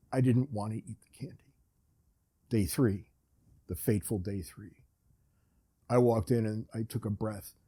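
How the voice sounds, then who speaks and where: A man with a mellow, darker voice and a husky edge, spinning a casual, rambling yarn as a podcast host. His delivery is wry and self-deprecating, full of dry asides. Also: mid-range voice. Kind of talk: casual storytelling monologue.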